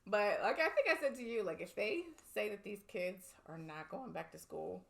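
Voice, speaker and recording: Woman co-host, frank casual talker with a creaky, gravelly tone and a lot of swing in her pitch. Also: expressive, moderate pace. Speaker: podcast co-host. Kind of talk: casual chat.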